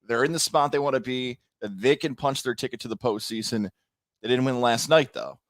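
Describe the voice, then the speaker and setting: A man co-hosting a casual sports talk show, laying out standings and scenarios in a steady, methodical way. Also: mid-range voice, fairly quick, no room sound.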